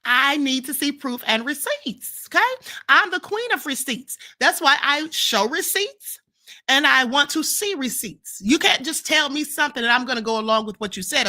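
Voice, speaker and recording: A woman with a high, bright and sharp voice hosts a live-stream commentary. She answers her viewers in an emphatic, lecturing manner and keeps pressing her points with a pointed "okay?" or "ma'am". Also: expressive, moderate pace.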